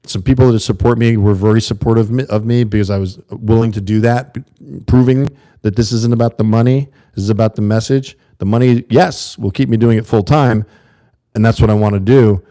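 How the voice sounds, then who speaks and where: A man's voice: fairly low pitch, warm tone. A man from the USA hosting a livestream, talking earnestly and rambling to his chat viewers in a casual monologue. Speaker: livestream host.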